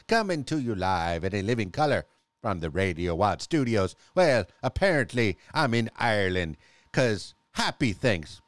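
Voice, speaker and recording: A man's voice: lowish voice, no echo. Chatty man hosting a solo podcast. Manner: chatty and playful, laughs often, restarts words. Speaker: podcast host. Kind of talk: casual solo podcast chat. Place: home studio.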